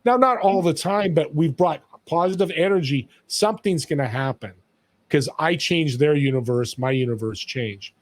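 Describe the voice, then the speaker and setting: A man's voice: a little high, moderate pace, no room sound. A man on a podcast as a guest, talking in an emphatic, storytelling way about serving others. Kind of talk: motivational interview talk.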